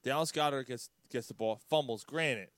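A man's voice: medium pitch, moderate pace, fairly bright tone, no room sound. A man, a podcast co-host telling a story in blunt, profane casual sports chat.

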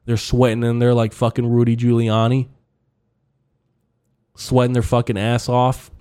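A man's voice: medium pitch, completely flat delivery, unhurried, dark tone, smooth. A man hosting his own comedy podcast in a solo monologue, ranting and rambling, swearing freely with lots of fillers. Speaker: podcast host.

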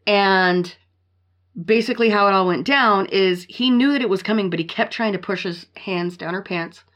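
A woman's voice: medium pitch, normal speed, a bit bright. A woman co-hosting a casual podcast, reading a listener's story aloud and cursing bluntly between passages. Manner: profane, blunt, reads quotes word for word.

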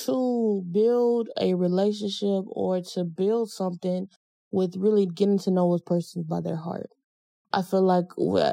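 Young woman host: blunt, slangy, animated storyteller; gravelly, mellow voice. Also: mid-range voice, no echo. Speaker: podcast host. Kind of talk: casual chat.

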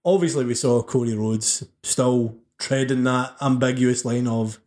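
A man's voice: mid-range voice, fairly even intonation, measured pace, a little mellow. A man hosting a wrestling podcast, chatting casually and joking and laughing often. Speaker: podcast host. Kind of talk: casual chat.

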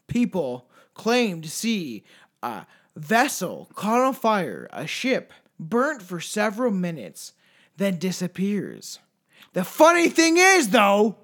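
Lively high-voiced man, casual podcast. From Canada. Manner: laughing, crude, animated storytelling. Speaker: podcast co-host. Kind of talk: casual chat.

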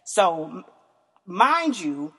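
A woman's voice: very animated, very slow, a bit bright, husky, in a large hall. A Southern American woman in her thirties, hosting a podcast and telling candid stories, profane and laughing often. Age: 30s. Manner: frank, profane, laughs often, voice leaps high in mock disbelief. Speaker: podcast host. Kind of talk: candid casual storytelling.

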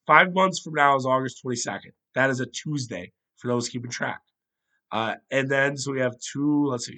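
A young man with a slight cold hosting a casual solo sports podcast, rambling and poking fun at himself as he thinks out loud. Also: a little high.

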